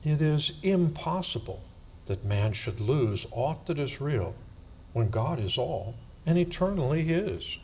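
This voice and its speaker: A man reading religious texts aloud at a church service, slow and solemn. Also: a little high, sing-song, darkish tone, slight background noise.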